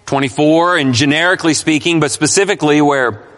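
Emphatic pastor in a reverberant hall. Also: male voice, on the high side, brisk, fairly bright tone. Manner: emphatic, questions the congregation. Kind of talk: expository sermon.

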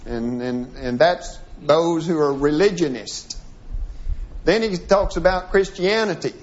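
A man's voice: a little high, unhurried. A man teaching a sermon-style Bible lesson, reading passages aloud and then breaking them down piece by piece with frequent restarts. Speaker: preacher. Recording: dull lo-fi recording.

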